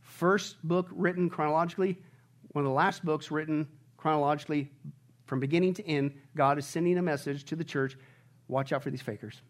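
Emphatic high-voiced preacher man. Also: steady tone, fairly quick. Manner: emphatic, repeats phrases, rises to shouting and drops to hushed tones; asks the congregation rhetorical questions. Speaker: pastor. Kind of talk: sermon.

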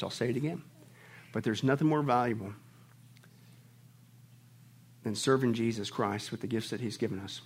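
A man's voice: mid-range voice, breathy edge. A male pastor preaching a sermon emphatically, calling on his congregation to respond. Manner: emphatic, calls on the congregation to answer.

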